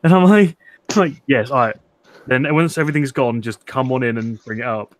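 A man's voice: mid-range voice, moderate pace. A man in casual chat, telling a story about pranking a friend and laughing along. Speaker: friend on the stream.

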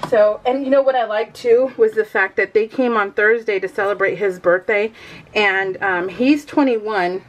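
A woman's voice: medium pitch, slight background noise, low-quality recording. A middle-aged woman chatting casually while she crafts, rambling and laughing often as she tells a story. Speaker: scrapbooking vlogger.

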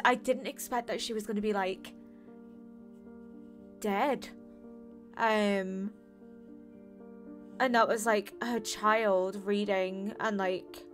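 A woman gaming streamer reacting to a game's ending, emotional and rambling, with lots of fillers. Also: mid-range voice.

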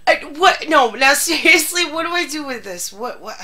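A woman's voice: high-pitched, big pitch swings, normal speed, sharp tone. A woman streaming live, panicking, swearing and laughing in fits.

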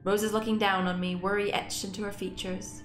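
A woman gaming YouTuber reading a visual novel aloud and reacting, excitable and swearing freely. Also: brisk, echoey room, faint music behind. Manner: excitable, swears freely, squeaks when frustrated.

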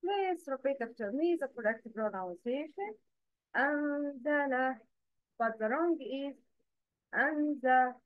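High-pitched woman teacher, slow and patient, asks you to repeat after her, dull dry lo-fi sound. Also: very animated, no room sound. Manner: counts and quizzes listeners directly. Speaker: Quran recitation teacher.

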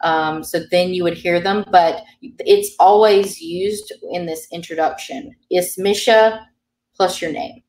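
A woman with a lowish voice teaches a beginner language class. She explains grammar patiently, with plenty of ums. She sounds a little distant from the mic, in a roomy space. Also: slow, darkish tone.

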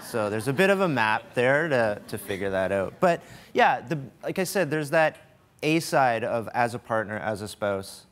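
A man in his forties, a guest speaking casually on stage about supporting his wife, easygoing and joking, with thoughtful pauses. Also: medium pitch, big pitch swings, fairly bright tone. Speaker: host's husband, guest. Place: studio stage with live audience.

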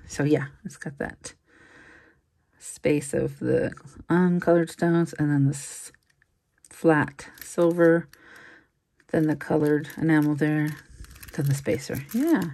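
Low husky-voiced woman reseller chatting. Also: warm tone. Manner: chatty, musing aloud, frequent likes and ums. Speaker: jewelry reseller. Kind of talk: casual unboxing commentary.

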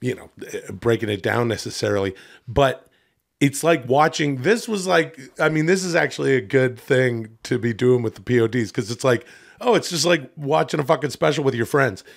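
A man's voice: medium pitch, expressive, normal speed, creaky. A man co-hosting a podcast in casual chat, rambling with restarts and swearing. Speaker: podcast co-host.

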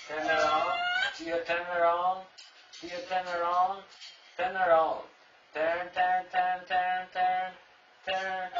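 A man teasing and coaxing his pet bird in repetitive baby-talk, captured on an echoey, distant, dull recording with loud noise. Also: fairly high pitch. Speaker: pet owner talking to his cockatoo.

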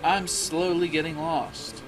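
A man's voice: on the high side, flat delivery, slow, low-quality recording. A man giving casual let's play commentary, sarcastic and profane, with muttered asides. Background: music.

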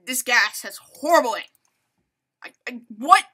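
Woman, game commentary host, rambling and self-mocking, lively sing-song range. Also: a little high, unhurried, slightly rough. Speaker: gaming channel host. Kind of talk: live gameplay commentary.

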